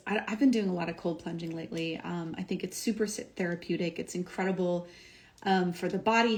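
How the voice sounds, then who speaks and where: A young adult woman, a doctor and wellness coach, talking casually on a livestream, upbeat and emphatic with lots of "like" and "um". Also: medium pitch. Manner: upbeat and emphatic, filler-heavy with frequent "like" and "um". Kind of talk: casual motivational talk on a livestream.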